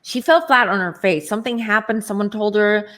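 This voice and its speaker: A woman's voice: mid-range voice, a little fast, a bit bright. A woman reading tarot cards as a guest, musing aloud and searching for her words. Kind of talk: casual tarot reading chat.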